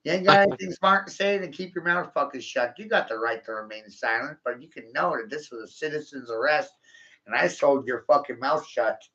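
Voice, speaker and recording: A man's voice: fairly high pitch, fairly quick, bright, forceful tone, muffled recording. A man rambling through a vlog monologue, cursing, taunting his viewers and laughing at his own jokes.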